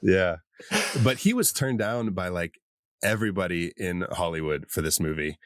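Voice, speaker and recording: A man co-hosting a podcast, chatting casually about a horror movie, relaxed and rambling. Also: deep voice, moderate pace, no room sound, clean studio sound. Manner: relaxed, rambling, with fillers and laughs. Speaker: podcast co-host.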